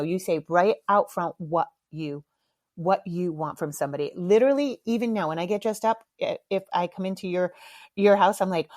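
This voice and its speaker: A woman's voice: fairly low pitch, animated, moderate pace, darkish tone, dry recording. A middle-aged woman hosting a podcast, telling a story in a candid, frank way, with swearing and laughs. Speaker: podcast host. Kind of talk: casual podcast monologue.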